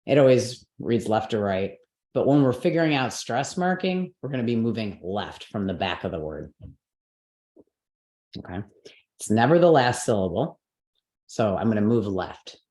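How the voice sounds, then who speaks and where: A woman's voice: rumbling low, warm tone. A woman teaching Sanskrit pronunciation rules in an explanatory class, patiently checking that her students follow along. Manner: patient, checks understanding with frequent "right?" and "okay". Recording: roomy echo.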